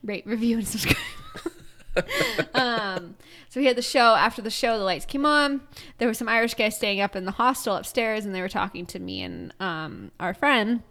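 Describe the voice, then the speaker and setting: A woman's voice: fairly high pitch, expressive, normal speed, bright, forceful tone. A woman co-hosting a podcast, telling stories in casual chat and laughing often. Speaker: podcast co-host.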